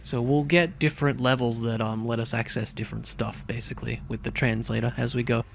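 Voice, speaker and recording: A man's voice: mid-range voice, steady tone, fairly quick, gravelly, a little hiss or hum. A young man casually commenting on a video game as he plays, chatty and rambling, with lots of fillers and asides. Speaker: let's play host.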